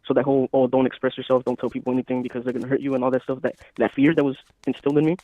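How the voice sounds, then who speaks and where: A man co-hosting a casual podcast chat, talking in a calm, even, matter-of-fact way. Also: medium pitch, very fast, no room sound. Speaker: podcast co-host. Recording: dry, phone-like thin sound.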